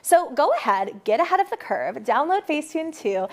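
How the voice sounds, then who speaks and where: A bubbly woman hosts a live online show in an upbeat, scripted way, laughing often. Her voice sits high and swings widely in pitch. It has the bright lilt of a party host. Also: sing-song, normal speed. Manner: bubbly and giggly, lots of laughter. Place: mansion.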